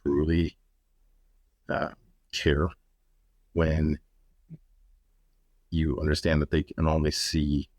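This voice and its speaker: Man, podcast guest, very deep voice, blunt, frank, casual swearing, dry close mic. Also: completely flat delivery, slow, long pauses, a little mellow, dry recording.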